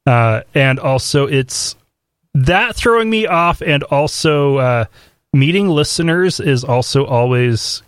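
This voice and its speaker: A man co-hosting a casual podcast, talking with many fillers and restarts, then walking through a topic in a steady explaining voice. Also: medium pitch, clean tone, no echo, studio quality. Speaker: podcast co-host. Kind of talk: casual chat and explainer segment.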